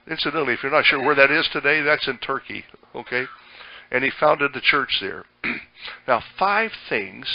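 A man's voice: medium pitch, vocal fry, dull audio. An older man preaching a sermon as pastor, folksy and conversational, with many fillers and restarts.

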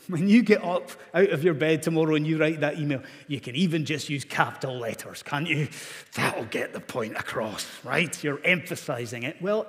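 Scottish preacher, high voice, church reverb. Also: male voice. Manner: rhetorical questions to the congregation, rising to emphatic peaks. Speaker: pastor. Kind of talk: sermon. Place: church sanctuary.

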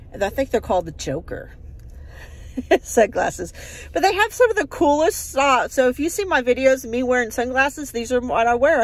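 A cheerful woman talks loosely to her followers outdoors, wandering from topic to topic with plenty of "uh"s. Her voice sits a little high for a woman, friendly and folksy. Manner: folksy and upbeat, rambling with fillers. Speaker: vlogger. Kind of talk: casual chatty vlog.

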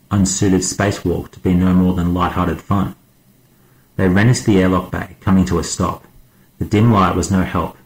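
A man narrating an audiobook as a guest reader, in a measured, steady way. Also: low voice, reverberant, rough recording.

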